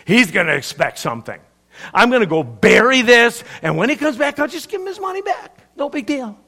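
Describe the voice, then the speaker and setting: A jittery servant from a parable, stumbling over his words as he justifies himself, as a preacher acts him out. The voice climbs high and wobbles between pitches. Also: sing-song, fairly quick, pushed and bright, exaggerated voice. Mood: anxious. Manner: stammering. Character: nervous male servant making excuses.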